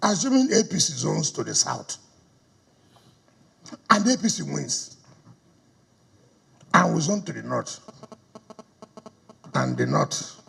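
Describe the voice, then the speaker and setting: A middle-aged man with a Nigerian accent makes a combative campaign speech in a reverberant hall. His voice sits high for a man and is heavily gravelly and husky. The room's long echo trails behind every line. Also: very animated, slow pace, long pauses, fairly bright tone. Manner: combative, rhetorical questions, switches into pidgin. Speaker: politician addressing party stakeholders. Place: government house hall. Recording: echoey hall recording.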